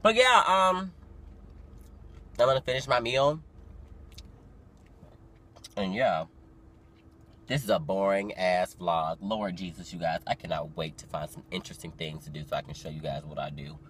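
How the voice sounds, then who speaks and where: A man's voice: deep voice, normal speed, pauses often, slightly rough. Chatty, dramatic nineteen-year-old guy. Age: young adult. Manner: chatty and dramatic, lots of fillers, swings into loud excited storytelling. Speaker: vlogger. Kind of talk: casual vlog talk to camera. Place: parked car. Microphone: phone camera.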